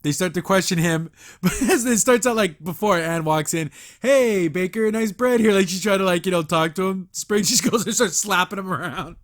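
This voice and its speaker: Guy on a podcast recapping an episode, slightly high voice, laughs a lot, does the characters' lines. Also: fairly quick, few pauses, a bit bright. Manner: retells scenes, quoting characters, with frequent laughs. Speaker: podcast host. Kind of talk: casual episode review.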